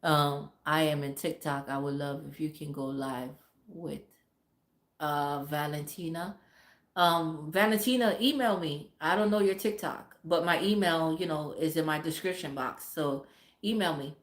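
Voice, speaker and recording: A woman's voice: deep voice, fairly even intonation, measured pace. A mother from a Caribbean family chatting casually on a livestream, blunt and profane and laughing often. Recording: roomy echo.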